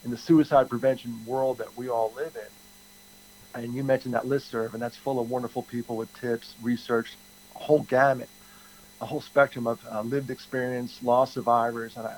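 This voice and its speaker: A man's voice: medium pitch, a little mellow, slight background noise, rough recording. Candid rambling man, middle-aged. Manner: candid, rambling with frequent restarts. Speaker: guest, TED speaker. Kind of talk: conversational interview answer.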